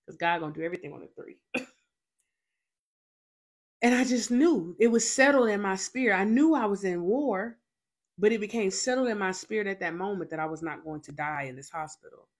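A woman's voice: mid-range voice, fairly quick. A young woman hosting a faith show, telling a personal testimony in a dramatic, emphatic way with lots of repetition.

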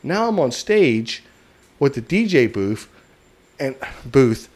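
A man co-hosting a podcast, telling a story in casual chat, lively and laughing as he acts out other people. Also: medium pitch, slow pace. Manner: animated, laughing storyteller acting out voices. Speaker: podcast co-host.

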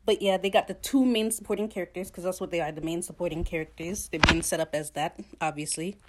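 Profane, animated woman recapping a show. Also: fairly low pitch, very noisy. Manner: blunt, profane, animated, slips into quick voices for characters. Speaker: podcast host recapping a TV episode. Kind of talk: casual episode recap.

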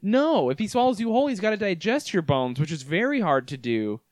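A man's voice: high-pitched, big pitch swings, brisk, a little mellow, no echo. A man co-hosting a podcast, joking and swearing in casual chat and reading a story aloud. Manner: joking, profane, laughs often. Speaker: podcast co-host.

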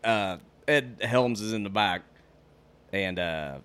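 A man's voice: lowish voice, takes it slowly, fairly bright tone, clear, resonant tone. A man co-hosting a podcast, adding wry comments in casual, profane chat. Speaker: podcast co-host.

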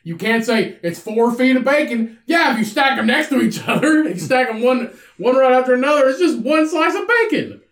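A man co-hosting a podcast, telling stories in a loud, profane, animated way. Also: extremely high pitch, normal speed. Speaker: podcast co-host. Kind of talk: casual chat. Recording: roomy echo.

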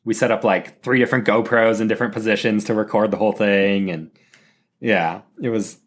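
A man's voice: fairly low pitch, steady tone, a little fast. A young man chatting casually about his proposal, easygoing and matter-of-fact. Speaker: guest, the fiancé. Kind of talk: casual chat.

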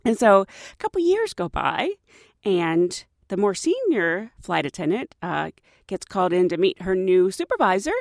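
Female flight attendant swapping stories; expressive, laughs easily, dry recording. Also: medium pitch, no room sound. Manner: animated, laughing storyteller. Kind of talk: casual storytelling.

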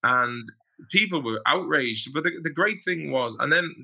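Irish man, guest, very bright voice, chatty storyteller, swears freely. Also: fairly high pitch, expressive, a little slow, creaky, slightly rough. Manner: storytelling, profane, with acted-out quotes. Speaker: podcast guest. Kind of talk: casual chat.

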